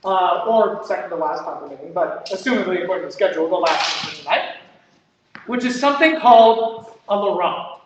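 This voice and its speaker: Rambling young host in an echoey hall. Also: male voice, high voice, lively intonation, fairly quick, a little hiss or hum. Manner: rambling, self-correcting, many fillers. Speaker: improv show host. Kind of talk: explaining an improv format to an audience. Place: theater stage. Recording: echoey muffled stage from far off.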